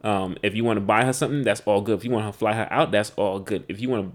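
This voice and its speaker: A man's voice: fairly low pitch, quick pace. Laid-back slangy man on a podcast. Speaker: podcast co-host. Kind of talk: casual chat.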